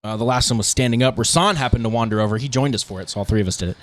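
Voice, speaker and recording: A man co-hosting a podcast, telling stories in casual, rambling chat with lots of fillers. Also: mid-range voice. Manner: fast, rambling storytelling with fillers. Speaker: podcast co-host, band guitarist.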